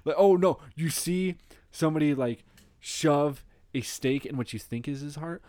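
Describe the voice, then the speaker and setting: A man's voice: fairly high pitch, normal speed, a little mellow, no room sound. A man co-hosting a podcast in casual chat, rambling with many fillers and restarts. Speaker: podcast co-host.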